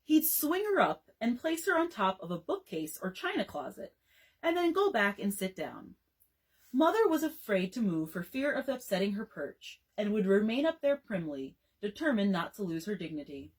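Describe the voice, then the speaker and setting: A woman librarian reading a bedtime story aloud in an expressive, storytelling way. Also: medium pitch, moderate pace, rough recording.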